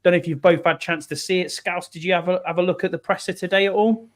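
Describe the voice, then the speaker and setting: A man's voice: high voice, fairly even intonation, fast. A man, hosting a casual sports podcast in a chatty, upbeat way. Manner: chatty, upbeat, reads sponsors and runs through news. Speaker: podcast host.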